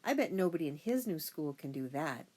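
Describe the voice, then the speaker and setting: A woman narrating a first-person children's audiobook in a steady storytelling voice. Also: sits low, a little fast.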